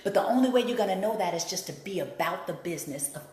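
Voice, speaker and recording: A woman's voice: fairly low pitch, animated, fast talker, a little mellow. A woman hosting an inspirational talk, speaking emphatically and repeating key phrases for emphasis. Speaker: host and life coach. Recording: roomy echo.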